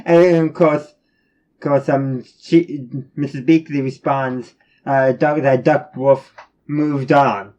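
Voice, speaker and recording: A man's voice: mid-range voice, steady tone, takes it slowly, darkish tone, lo-fi sound. A man giving a casual spoken review, rambling along with many restarts and fillers. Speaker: reviewer of animated episodes.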